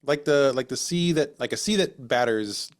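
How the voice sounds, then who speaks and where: A man's voice: medium pitch, normal speed. An American man co-hosting a podcast in casual chat, joking and laughing often as he tells stories. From United States. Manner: jokey, laughs often, slips into silly voices when quoting people. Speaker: podcast co-host and storyteller.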